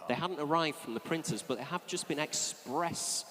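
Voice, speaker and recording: Guy auctioneer rattling off bids, slightly high voice, big reverby hall. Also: bright, forceful tone. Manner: brisk repetitive patter, coaxing bidders. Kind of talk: live auction bid calling. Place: auction sale room. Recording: long reverb of a large hall.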